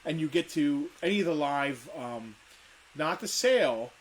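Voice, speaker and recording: A man co-hosting a toy shop's live stream, talking in a relaxed, hesitant way with lots of fillers and dry jokes. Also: on the high side, unhurried. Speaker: co-host of a toy shop live show. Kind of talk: casual live-stream chat.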